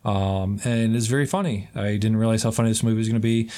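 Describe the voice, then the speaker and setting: A man's voice: lowish voice, quick pace, warm tone. Laughing, swearing New York man. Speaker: podcast co-host. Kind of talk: casual chat.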